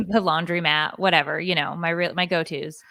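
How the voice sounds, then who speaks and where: A woman's voice: lowish voice, steady tone, unhurried, gravelly, a bit bright, no echo. A woman in her forties, co-hosting a podcast and telling a rambling, confessional story full of fillers. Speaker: podcast co-host. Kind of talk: casual confessional chat.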